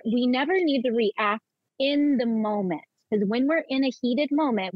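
A woman's voice: on the high side, no room sound. A woman talking as a podcast guest in a conversational interview. She speaks earnestly about spiritual matters and often repeats words while she gathers her thoughts. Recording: dull lo-fi sound.

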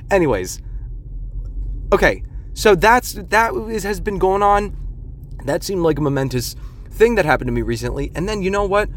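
A man's voice: high voice, a little hiss or hum. A man in his late twenties telling a rambling, profane, self-deprecating comic story in a casual monologue. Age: 20s.

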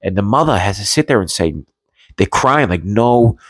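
A man's voice: lowish voice, animated, fairly quick, fairly bright tone, slightly rough, no room sound. A man from the United States ranting in agitated, profane commentary, often repeating himself as he talks into a podcast mic.

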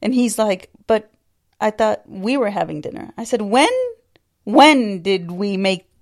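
A woman's voice: medium pitch, expressive, a little slow. A woman co-hosting a podcast, telling a story in a wry way, laughing often and swearing casually. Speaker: podcast co-host.

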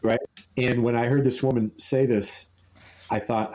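Podcast co-host, male, mellow tone, loose rambling storyteller. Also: medium pitch, level tone, a little slow, poor audio. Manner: rambling, amused anecdote-telling with many restarts. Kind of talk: casual storytelling chat.

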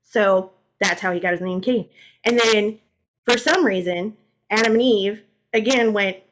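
A young woman co-hosting a podcast, retelling old stories in an animated, slangy, comedic way. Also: mid-range voice, moderate pace, slight background noise. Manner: animated, slangy, acts out voices. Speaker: podcast co-host. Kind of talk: comedic storytelling.

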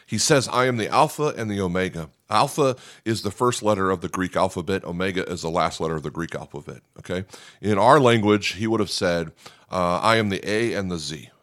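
A man's voice: low-pitched, brisk, a bit bright. A man preaching a conversational Bible teaching, often checking in with listeners by asking "okay?". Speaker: pastor. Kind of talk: sermon teaching.

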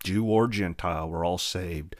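A man preaching a verse-by-verse sermon, reading scripture in a slow, formal cadence and then explaining it in plain talk with rhetorical questions. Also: low voice.

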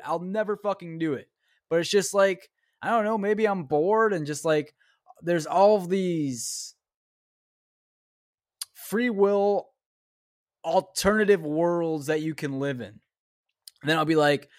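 A man's voice: sits high, no room sound, studio quality. A man hosting a solo podcast, thinking aloud in a rambling, profane way and reading search results aloud. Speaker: podcast host. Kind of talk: casual solo podcast talk.

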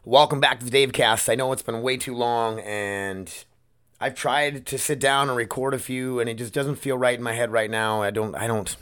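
A man hosting a solo podcast, drifting from thought to thought with a frank, loose delivery and plenty of swearing. His voice is smooth and resonant, at a middle pitch, close on the mic. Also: fairly even intonation, normal speed, a bit bright. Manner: rambling, candid, swears often. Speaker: podcast host. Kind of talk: casual solo podcast chat.

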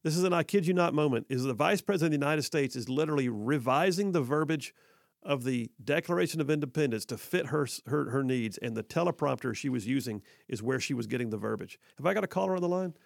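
A man's voice: mid-range voice, lively intonation, quick pace, gravelly, no echo, studio quality. A man hosting a talk radio show, delivering an emphatic, sarcastic opinion monologue that repeats for effect.

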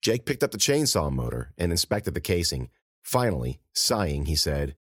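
Male author-narrator, low and animated, dry studio sound. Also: normal speed, slightly rough, dry recording. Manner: expressive, animated reading. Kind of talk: scripted audiobook narration.

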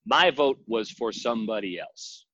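A man tells rambling, deadpan comic anecdotes with a lively, swinging pitch. His voice is husky. The recording is dry and a little dull. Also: moderate pace, no echo. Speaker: comedian in character as a wrestling caterer. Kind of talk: improvised comedic storytelling.

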